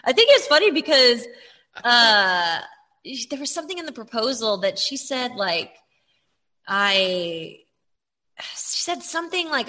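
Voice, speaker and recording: A woman co-hosting a casual chat, animated and talking in quick bursts with many restarts. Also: fairly high pitch. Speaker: podcast co-host. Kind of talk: casual chat about reality TV.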